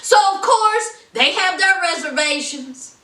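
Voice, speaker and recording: A woman's voice: very high-pitched, lively intonation, unhurried, bright, forceful tone. A woman hosting a podcast, giving a sassy, chatty recap of a reality show and talking straight to her listeners. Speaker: podcast host. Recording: roomy, distant from mic.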